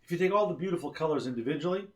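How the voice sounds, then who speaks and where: A father co-hosts a casual stream, delivering dry puns and patient explanations. His voice sits a bit high for a man. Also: lively intonation, rapid-fire. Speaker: father co-host. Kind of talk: casual chat.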